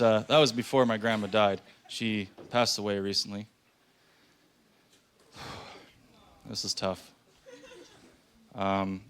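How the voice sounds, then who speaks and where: A man doing a stand-up comedy routine, telling stories deadpan and slipping into voices for the people in them. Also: fairly low pitch, smooth. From Canada. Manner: deadpan storytelling with acted-out voices. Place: comedy club stage with a live audience.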